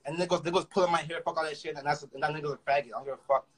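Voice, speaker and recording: Young toronto dude ranting super fast, kinda husky, stumbles and repeats himself, swears a lot. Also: male voice, a little high, steady tone, rough recording. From Canada. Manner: fast, repetitive, profane, stammering restarts. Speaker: rapper. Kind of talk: casual storytelling rant.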